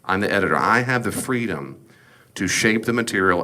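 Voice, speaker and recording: A man with a fairly low voice leads a Bible study in a relaxed, conversational style, speaking fairly quickly. He presses his points with emphasis and repeatedly poses rhetorical questions to the class.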